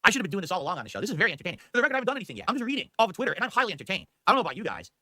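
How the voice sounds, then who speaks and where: Rapid, animated high-voiced man streamer. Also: dry recording. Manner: animated, theatrical emphasis on words. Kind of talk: reading viewer comments aloud on stream.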